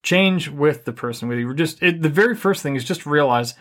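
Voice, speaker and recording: A middle-aged man co-hosting a podcast, giving relationship advice in a calm, even, deliberately unhurried way. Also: a little high. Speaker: podcast co-host. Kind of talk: casual advice chat.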